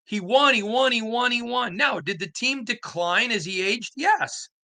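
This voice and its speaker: A middle-aged man hosts a sports talk show, delivering a rambling but impassioned monologue. His voice sits high and sounds bright and forceful. He drifts through anecdotes and then pushes hard into his opinions. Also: normal speed. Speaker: sports beat writer and show host.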